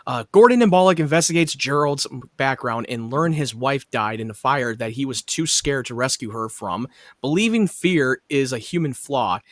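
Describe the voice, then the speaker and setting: A man hosting a casual podcast reads out episode summaries at a middle pitch and trips over longer words before starting again. The sound is dry and close, with no room around it. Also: fairly bright tone, no echo. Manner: stumbles over words and restarts. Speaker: podcast host.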